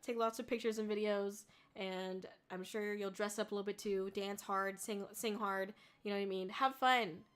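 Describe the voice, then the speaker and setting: A VTuber streamer with a mid-range, fairly bright, clear and resonant voice chats casually with viewers at a moderate pace, intonation fairly even and hardly pausing. She reads their messages aloud, swearing freely, laughing, and choking up as she fights back tears.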